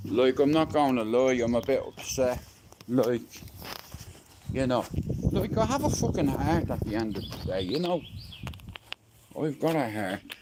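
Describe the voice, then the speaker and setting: A man's voice: mid-range voice, animated, unhurried, pauses often, noisy background. An Irish man in his young adult years, talking bluntly and emotionally, with plenty of swearing, on a rambling live stream from a garden shed.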